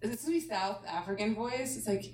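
A woman's voice: medium pitch, moderate pace, a little mellow. A woman co-hosting a casual tech chat, upbeat and playful. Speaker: co-host. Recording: roomy, distant mic, faint background hum.

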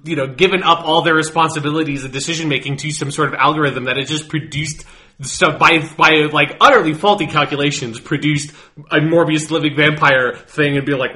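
A man's voice: on the high side, steady tone, a little fast, pushed and bright. A man co-hosting a casual podcast, rambling and swearing as he talks about movies. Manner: rambling, profane, laughs while talking. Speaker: podcast co-host.

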